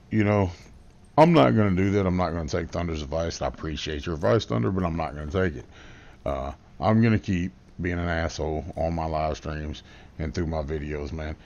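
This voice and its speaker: A man's voice: low voice, darkish tone, dull audio. A man telling a comedic, trash-talking story as a guest youtuber, brash and crude.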